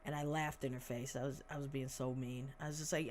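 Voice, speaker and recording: A woman's voice: rumbling low, little pitch movement, a little fast, darkish tone, slight background noise. A woman in her twenties chatting on a livestream. She rambles bluntly, swears, and makes sarcastic asides while searching for things aloud. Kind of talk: casual livestream chat.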